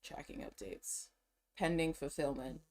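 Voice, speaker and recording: A woman streamer chatting casually to herself while shopping and browsing online, excitable and slangy, laughing often, a bit out of breath. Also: deep voice, unhurried.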